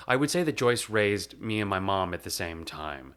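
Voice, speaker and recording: A young man as host of his own show, delivering a measured, reflective eulogy with slow, emphatic pauses. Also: deep voice, expressive, a bit bright, smooth. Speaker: podcast host.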